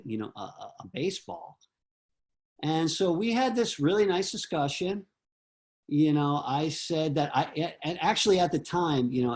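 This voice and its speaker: A man's voice: on the high side, a little mellow. Earnest man telling a story on a call. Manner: earnest storytelling with many fillers and restarts. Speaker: disciple giving homage. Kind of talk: personal reminiscence on video call. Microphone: video call.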